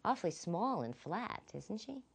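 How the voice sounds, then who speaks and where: A woman voicing a calm, dry-witted male painter answering a heckler. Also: mid-range voice, moderate pace, creaky, slightly rough, exaggerated voice. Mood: deadpan.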